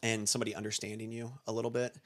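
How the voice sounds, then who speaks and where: Rapid-fire and level, a low-leaning male voice belongs to a podcast co-host on school staff. He talks ideas over casually and thoughtfully, meandering with plenty of restarts and fillers.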